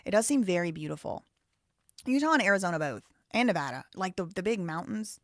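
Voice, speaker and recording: A woman's voice: fairly low pitch, lively intonation, fairly quick, dry recording, clean studio sound. Chatty Southern woman live-stream host. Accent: Southern American. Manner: chatty, thinks aloud, reads viewer messages. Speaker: live show host reading donations. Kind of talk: casual live-stream commentary.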